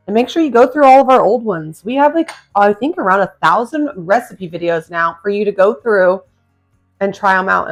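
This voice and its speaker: A woman hosting a home cooking video, chatty and enthusiastic, talking straight to her viewers as she cooks. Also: medium pitch. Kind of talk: casual cooking demonstration. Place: home kitchen.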